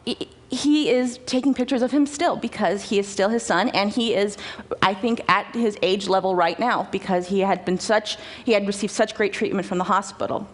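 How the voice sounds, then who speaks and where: Chatty, animated young woman on stage. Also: mid-range voice, normal speed. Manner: chatty, self-mocking, animated with frequent restarts. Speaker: conference speaker. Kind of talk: personal talk to a conference audience. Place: large auditorium stage. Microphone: stage microphone.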